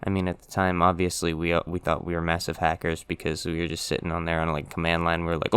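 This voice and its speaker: Young male vlogger, relaxed and a bit crude, smooth tone, dry recording. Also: low-pitched, fast talker, hardly any pauses, dry recording. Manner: laid-back, swears, says "like" and "right?" often. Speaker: YouTuber telling a story. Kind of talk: casual storytelling.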